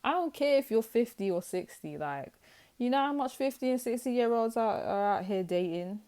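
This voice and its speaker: A woman's voice: fairly high pitch, lively intonation, moderate pace, darkish tone, clear, resonant tone. A young woman giving a casual tarot reading to camera, blunt and teasing, with lots of filler words. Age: young adult. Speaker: tarot reader.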